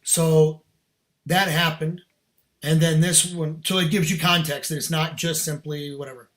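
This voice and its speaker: Slightly high-voiced man telling a story. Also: measured pace. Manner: earnest, animated storyteller who laughs between lines. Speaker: podcast guest. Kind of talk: casual storytelling.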